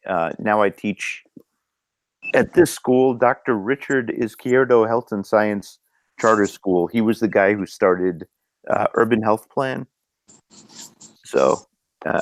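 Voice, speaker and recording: Low-voiced man hosting a live chat. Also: dry recording. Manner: loose, filler-heavy talk with many ums and restarts. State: losing his voice. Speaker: host of a live video hangout. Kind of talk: casual live-stream chat. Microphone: video call microphone.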